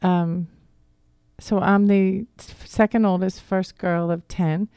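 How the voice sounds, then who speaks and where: A woman's voice: medium pitch, fairly even intonation, slow, mellow, smooth, dry recording. A middle-aged woman from the Philadelphia area, with some Boston accent, telling stories as a guest in a radio studio interview. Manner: rambling, friendly storytelling. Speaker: guest, divorce coach.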